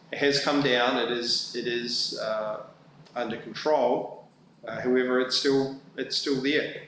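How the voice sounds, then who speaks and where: A man presenting a budget at a council meeting, halting often with fillers and restarts. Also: medium pitch, a bit bright. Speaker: town staff presenting budget. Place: council chamber. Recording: very echoey room, faint background noise.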